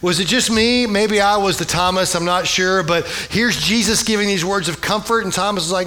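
A man's voice: sits high, moderate pace, bright, forceful tone. A man preaching a conversational sermon, retelling scripture with humorous asides and rhetorical questions. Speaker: pastor.

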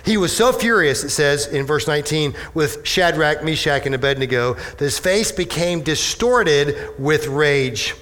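A male pastor preaching a sermon, animated, with many rhetorical questions to the congregation. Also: fairly high pitch, unhurried, hardly any pauses. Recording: echoey hall with long reverb.

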